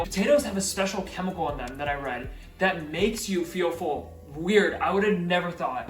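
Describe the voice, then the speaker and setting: A man with a fairly high voice chats playfully through a home cooking vlog and jokes with his viewers. He sounds a little far from the mic in a roomy, echoing kitchen, with faint music underneath. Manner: chatty, playful, jokey asides to viewers. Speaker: cooking vlogger.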